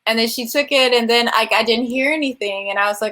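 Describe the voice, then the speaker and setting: A woman with a Californian accent tells her story over a video call, full of life and quick to laugh. She slips into the voices of the people she quotes. Her pitch sits in a middle range for a woman. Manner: animated, laughs often, acts out quoted voices. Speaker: film director. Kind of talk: virtual interview storytelling.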